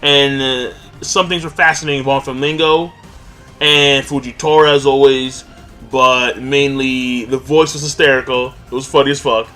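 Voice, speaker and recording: A man's voice: mid-range voice, fairly even intonation, unhurried, sharp tone, faint music behind. A man giving a casual episode review as an anime vlogger, laid-back and loose, swearing freely as he rambles.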